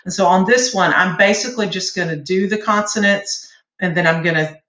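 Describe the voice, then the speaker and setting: A woman teaching a vocal warm-up lesson, patiently counting beats aloud for her students. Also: on the low side, a little fast. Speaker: singing teacher. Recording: echoey room.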